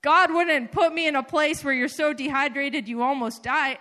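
A woman preaches in a loose, conversational manner, weaving personal stories through her sermon with plenty of filler words. Her voice sits a little high and swings between quiet confession and lifted exhortation. The sound carries a long reverb, as in a large hall. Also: normal speed, few pauses. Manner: animated, conversational, many fillers.

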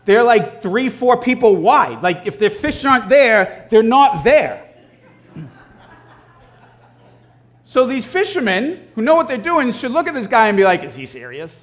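A man delivers a sermon in a relaxed, talky way, telling a story with lively emphasis. His voice sits high for a man. He clears his throat now and then between thoughts. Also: unhurried, pauses often. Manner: animated, casual storytelling with frequent throat clearing. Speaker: preacher. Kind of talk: conversational sermon.

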